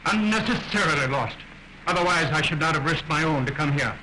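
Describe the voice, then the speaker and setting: A solemn, insistent rebel doctor with a bright, forceful tone. His voice sits a little high, and he speaks with formal gravity. A faint hiss from an early 1930s film soundtrack runs under him. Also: lively intonation, brisk, rough recording. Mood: grave. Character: earnest, grave rebel leader, a doctor.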